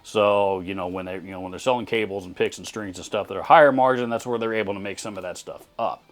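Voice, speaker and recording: A man's voice: fairly low pitch, fast talker. A man from Texas hosting a channel, answering viewer comments in blunt, sarcastic casual commentary with many restarts.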